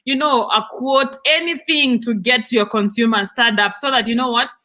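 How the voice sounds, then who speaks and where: Woman, bright tense voice, emphatic, repeats points, business advice. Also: fairly high pitch, moderate pace. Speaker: co-host, business adviser. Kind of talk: casual business chat.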